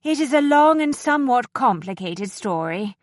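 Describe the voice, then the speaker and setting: A woman voicing a prim, proper young governess who speaks precisely and firmly, in a lively, fairly high voice. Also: moderate pace, no echo, clean studio sound, natural voice.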